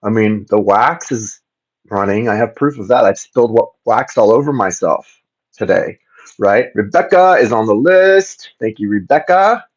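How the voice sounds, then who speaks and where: A man's voice: lowish voice, animated, normal speed. Chatty Florida man on a livestream. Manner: chatty, rambling, repeats words, greets viewers by name. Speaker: tarot reader hosting a livestream. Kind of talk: casual livestream chat. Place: home, indoors. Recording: slightly dull livestream audio.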